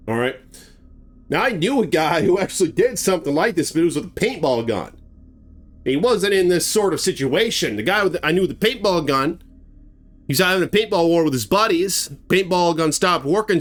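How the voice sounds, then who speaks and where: A man acting as storyteller host tells a gruesome tale in a casual, spoken way, acting out sound effects and swearing freely. His voice is a little high and a bit bright.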